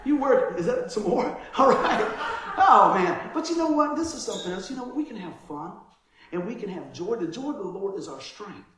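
Animated high-voiced pastor, echoey hall. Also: male voice, moderate pace. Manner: animated storytelling, acts out dialogue, laughs often. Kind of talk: conversational sermon. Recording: very echoey room.

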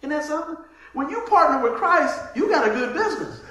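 A male pastor preaching a casual, animated sermon, telling stories with frequent laughter and repeated words. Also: extremely high pitch, brisk. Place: church. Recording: very echoey church room.

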